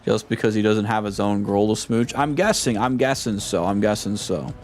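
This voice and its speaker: A young gaming streamer gives casual let's play commentary over game music, joking and rambling with plenty of slang. His voice is fairly low in pitch, and he talks at a normal speed.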